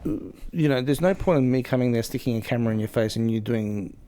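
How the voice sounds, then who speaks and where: A man's voice: medium pitch, a little fast, dark tone, clear, resonant tone. A man co-hosting a casual chat, telling stories and acting out both sides of phone calls. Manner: storytelling, acts out phone calls with put-on voices. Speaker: podcast co-host.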